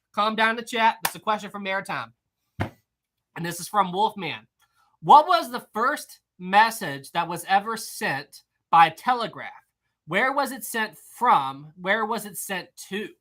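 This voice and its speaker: Playful bright-voiced man hosting a live quiz. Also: sits high. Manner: playful, laughs often, teasing chat. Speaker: live stream host running a history quiz. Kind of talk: casual live-stream chat reading viewer comments.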